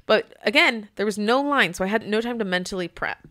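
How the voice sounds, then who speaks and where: A woman's voice: mid-range voice, fairly quick, sharp tone. A woman in her thirties hosting a podcast, telling a story casually, acting out quotes and laughing often. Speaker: podcast host.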